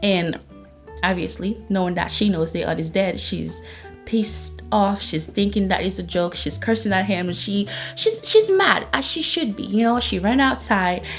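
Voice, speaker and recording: A young woman chatting about books she read this month, gushing and retelling plots with quick quoted asides. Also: mid-range voice, faint music behind. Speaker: book reviewer. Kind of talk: casual monthly reading wrap-up.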